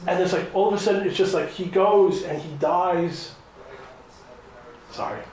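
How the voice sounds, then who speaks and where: Guy interviewer rambling on, lots of restarts, slightly high voice, really echoey room. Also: normal speed, darkish tone. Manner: rambling, many restarts, emotional. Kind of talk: casual film interview. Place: hotel room at a film festival.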